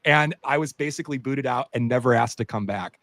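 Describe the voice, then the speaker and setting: A man co-hosting a podcast, a doctor telling an animated story in casual chat with many fillers. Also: medium pitch, fairly quick, no echo.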